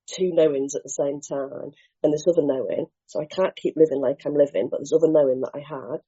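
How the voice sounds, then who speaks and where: At a recovery meeting, an English woman gives an earnest, animated share, telling her story briskly and mimicking other voices. Her voice is fairly low, husky, mellow and dark. The live recording is muffled and lo-fi.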